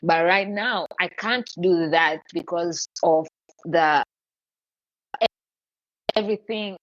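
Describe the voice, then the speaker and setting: A woman hosting a podcast in casual live-stream chat, talking in a chatty, animated way with many restarts. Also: fairly low pitch, takes it slowly, no room sound, highs cut off. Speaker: podcast host.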